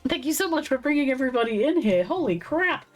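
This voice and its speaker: Hoarse Australian woman chatting on stream. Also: high voice, very animated, fast, soft background music. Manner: chatty and giggly, reading out chat. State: hoarse, losing her voice. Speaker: stream co-host and moderator. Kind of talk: casual livestream chat.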